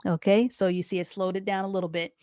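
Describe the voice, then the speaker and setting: A woman's voice: medium pitch, flat delivery, warm tone, clean tone, no echo, clean studio sound. Patient woman teaching a reading class. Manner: patient, repeats explanations step by step; reads sentences out slowly and deliberately. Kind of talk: live online reading class.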